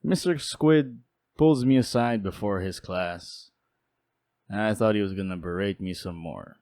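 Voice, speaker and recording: A man's voice: on the low side, dry recording. Young man telling a jokey story. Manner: lively, jokey, with quick asides. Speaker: storytelling YouTuber. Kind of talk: casual storytelling.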